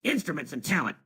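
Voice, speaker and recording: Giggling and blurting in an AI-generated chat stream, a male performer plays a dim-witted, hyperactive cartoon teenager. His voice is very raspy, shrill, and exaggerated.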